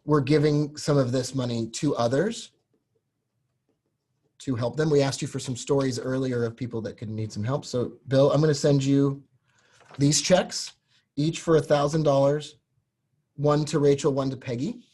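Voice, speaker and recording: Husky earnest man pitching a course. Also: steady tone, moderate pace, warm tone. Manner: earnest, emotional, talks straight to viewers. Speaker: host selling a trading course. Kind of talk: live-stream sales pitch.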